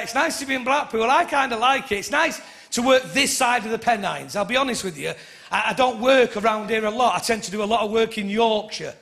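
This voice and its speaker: Brash northern English stand-up comic. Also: male voice, high voice, gravelly, bright, forceful tone. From north of England. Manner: brash, chatty, teasing the crowd. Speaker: stand-up comedian. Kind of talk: stand-up comedy set. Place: comedy club stage. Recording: echoey live venue with audience noise. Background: audience laughter.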